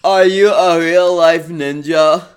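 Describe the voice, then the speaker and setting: A reader putting on a slow, dim-witted cartoon teen boy with a simple drawl in an amateur fan-fiction read-aloud. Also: medium pitch, steady tone, smooth, natural voice. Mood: dopey.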